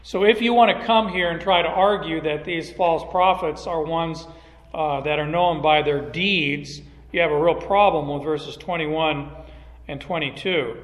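Male pastor, sermon delivery, emphatic, fairly high voice, echoey hall. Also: unhurried. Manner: emphatic preaching with rhetorical questions. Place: church sanctuary.

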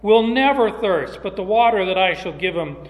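Male pastor, sermon delivery, emphatic, fairly high voice, echoey hall. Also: lively intonation, moderate pace. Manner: emphatic preaching with rhetorical questions. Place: church sanctuary.

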